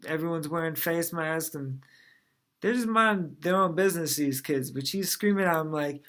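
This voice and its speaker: Doing stand-up, this New Orleans man in his thirties tells his jokes in a dry, conversational manner. His voice is a little high and a bit bright, and he talks at normal speed.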